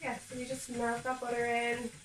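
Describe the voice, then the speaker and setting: A woman's voice: on the high side, monotone, normal speed, slight background noise. A woman chatting upbeat to her viewers while she bakes at home, talking them through each step in her kitchen. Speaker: home baking vlogger. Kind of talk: casual cooking demonstration. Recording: echoey kitchen, mic a bit far off.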